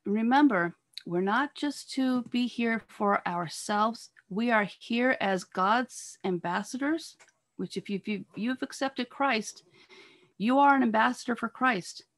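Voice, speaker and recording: A woman giving an earnest sermon over a video call, pressing her listeners with repeated rhetorical questions and halting now and then on fillers and restarts. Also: on the high side. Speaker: speaker at a church talk on marriage.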